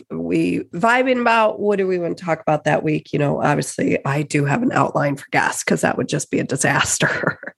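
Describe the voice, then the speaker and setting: Woman podcast host, young adult, casual solo talk, swears freely, slightly low voice. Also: gravelly. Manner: chatty, candid, swears freely, excitable.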